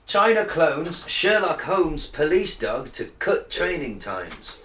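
A tipsy man reads news aloud in a crude, joking way, his pitch rising and falling freely. The room has a roomy echo. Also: very animated, takes it slowly, a bit bright, slight background noise. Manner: crude, joking, slightly slurred. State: tipsy after a beer. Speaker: podcast co-host. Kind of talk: casual banter, reading news aloud.

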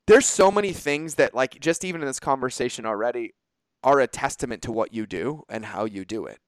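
A man hosting a podcast in casual conversation, energetic and animated, swearing freely and acting out quoted exchanges. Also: mid-range voice, a little fast, clear, resonant tone, no room sound. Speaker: podcast host.

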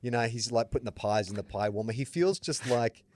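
An Australian man co-hosting a sports podcast in casual chat, telling animated stories and acting out quotes. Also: medium pitch, fairly quick, no echo, clean studio sound. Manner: animated storyteller, acts out quotes loudly. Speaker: podcast co-host.

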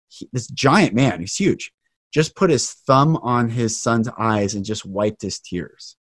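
A man's voice: medium pitch, lively intonation, a little slow, no room sound, clean studio sound. A man hosting an interview podcast, talking in an earnest, emotional, heartfelt way. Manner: earnest, emotional, speaks passionately. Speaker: podcast host.

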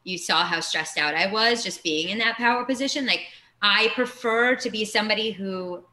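A woman guest talks openly about her experience, swearing casually and laughing at herself. Her voice has a bright, crisp edge and sits at an ordinary pitch for a woman. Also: moderate pace, low-quality recording. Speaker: competitor guest. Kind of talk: casual chat.

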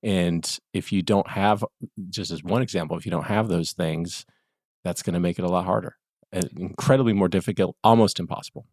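A man's voice: deep voice, brisk, a little mellow, dry recording, studio quality. A man with a Southern US accent co-hosting a podcast, explaining earnestly and chuckling now and then. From American South. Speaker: podcast co-host. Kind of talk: casual discussion podcast.

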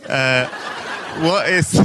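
A man's voice: fairly high pitch, extremely slow. A man hosting a live podcast, joking and laughing often, and sometimes putting on a posh, old-fashioned voice. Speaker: podcast host. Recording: live stage mic with faint noise.

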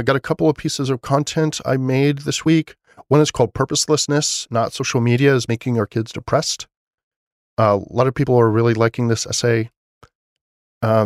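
A man's voice: mid-range voice, no echo. Casual rambling man, dry close mic. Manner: casual, rambling, many fillers and restarts; enthusiastic about his setup. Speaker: podcast host. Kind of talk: solo podcast monologue.

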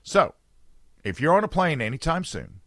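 A man's voice: on the high side, big pitch swings, normal speed, fairly bright tone, no room sound. A man hosting a talk radio show, rambling and sarcastic in an opinionated chat from a studio.

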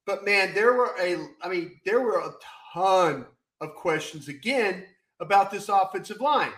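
Man, sports podcast co-host, high voice, roomy echo, folksy and animated. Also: unhurried. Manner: animated, folksy, repeats "I tell you what". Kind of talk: casual sports talk.

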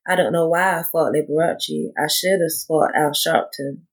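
A woman reading her own first-person story aloud in a measured, deliberate way, voicing the dialogue she quotes. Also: low voice, lively intonation, husky, low-quality recording.

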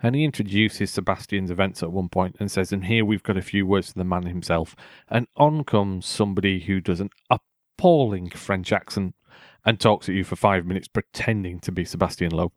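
A man's voice: sits low, moderate pace, no room sound, studio quality. A man hosting a casual gaming podcast, chatty and opinionated, laughing often. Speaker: podcast host.

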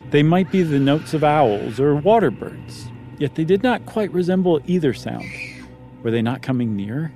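Guy reading a spooky story out loud, tosses in jokes, faint music behind. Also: fairly high pitch, lively intonation, moderate pace. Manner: reads plainly, breaks off to joke and comment. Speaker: story reader. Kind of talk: casual storytelling with banter.

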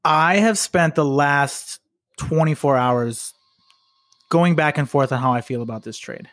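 A young man co-hosting a casual podcast, relaxed and a bit hesitant. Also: a little high, unhurried, no room sound, clean studio sound. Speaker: podcast co-host.

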